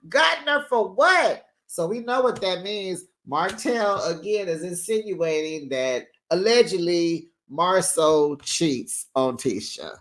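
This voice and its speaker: A host recapping a reality show in a casual, chatty way, with playful shade and lively asides. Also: medium pitch, slow, few pauses. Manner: animated, chatty, playfully shady.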